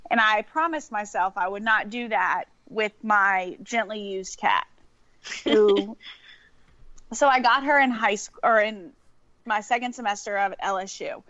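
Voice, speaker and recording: A woman's voice: medium pitch, fairly bright tone, dry recording. A woman, telling a story in casual chat and laughing often. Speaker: podcast guest. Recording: dull lo-fi sound.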